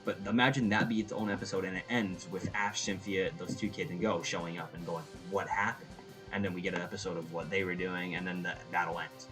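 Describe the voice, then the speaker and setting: A man giving a casual, opinionated review, rambling and animated, often restarting his sentences. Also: low voice, fast talker, few pauses, over music, rough recording. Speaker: anime reviewer.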